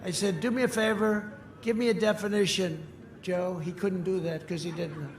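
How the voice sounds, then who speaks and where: Older man shouting a rally speech. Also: high voice, steady tone, moderate pace. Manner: repetitive, boastful, swings from shouting to mutters. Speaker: political candidate at a rally. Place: outdoor rally crowd. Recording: echoey open-air PA sound, faint crowd noise.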